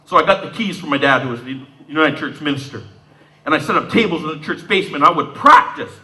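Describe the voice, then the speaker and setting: A man in his fifties from Southern Ontario, telling his story to an audience in a high, bright voice that is sharp and tense. His pitch swoops and jumps all over as he acts out scenes in a streetwise way. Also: lively intonation, quick pace, low-quality recording. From Southern Ontario, Canada. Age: 50s. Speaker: speaker giving a talk. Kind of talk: storytelling talk.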